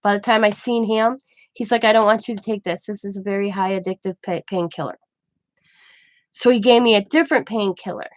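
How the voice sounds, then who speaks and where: A middle-aged woman at a medium pitch tells a long personal story in a casual, rambling way and acts out each exchange in the dialogue. She is recorded close to the mic in a dry space with no room echo. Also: a little fast. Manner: rambling, animated retelling with quoted dialogue. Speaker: craft channel host.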